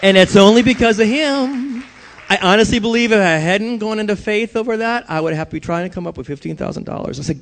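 A middle-aged pastor with a notably high voice preaches to his congregation, talking loosely and conversationally before swelling into emphatic declarations to drive points home. He talks fast, with some chatter in the background.

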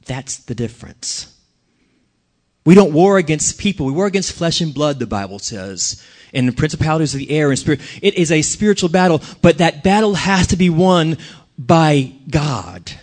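A man's voice: on the high side, lively intonation, moderate pace, darkish tone. A man pastoring his church, preaching in an earnest, conversational way and putting questions to the congregation. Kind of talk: sermon.

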